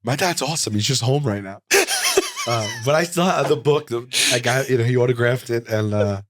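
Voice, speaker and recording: A man in his forties, a comedian guest in an interview, telling stories in an animated, rambling way full of fillers and restarts. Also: medium pitch, a little fast, background noise. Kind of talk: casual interview storytelling. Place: studio.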